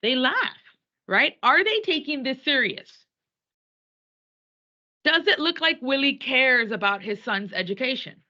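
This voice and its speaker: In a classroom, a female teacher with a bright, fairly high voice gives an animated lecture, moving back and forth between English and Spanish. She speaks unhurriedly, leaving long pauses. The recording sounds dull and lo-fi.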